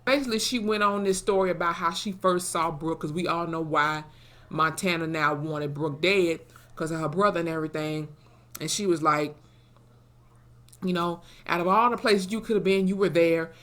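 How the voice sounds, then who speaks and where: A woman with a slightly low voice talks through a TV episode in a loose, chatty recap. She tells the story with plenty of swearing and jumps into the characters' dialogue as she goes. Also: moderate pace. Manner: animated, profane storytelling that acts out quoted dialogue. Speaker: TV episode reviewer.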